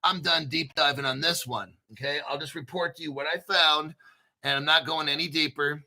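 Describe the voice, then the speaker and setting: A man's voice: a little high, steady tone, moderate pace, gravelly, sharp tone. A man hosting a crypto show, talking in a hyped, conspiratorial, profane way. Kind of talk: excited crypto commentary.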